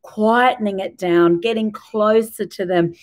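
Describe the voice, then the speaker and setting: A middle-aged woman giving parenting advice to camera in a gentle, reassuring way, laying out tips in short lists. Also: mid-range voice, unhurried, poor audio. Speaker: parenting educator.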